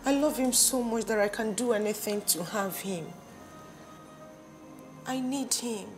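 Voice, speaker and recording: A woman's voice: fairly high pitch, unhurried, faint music behind, natural voice. An actress playing a scheming, obsessed young woman who speaks sharply and defiantly. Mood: confessing.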